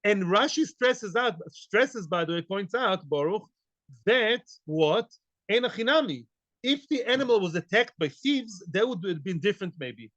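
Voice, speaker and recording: A man teaching a Talmud class, animated and full of rhetorical questions. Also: high-pitched, moderate pace, no echo, highs cut off. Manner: animated, rhetorical questions, Yiddish-inflected Hebrew terms.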